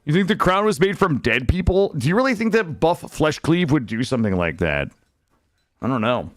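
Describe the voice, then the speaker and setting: This young male streamer talks to his audience while playing, swearing a lot in a lively, casual way. His voice sits on the high side at a normal speed, captured dry and at studio quality on a desk mic.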